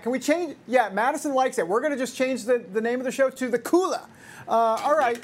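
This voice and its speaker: A man hosting a political talk show, animated and jokey, with quick asides. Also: extremely high pitch.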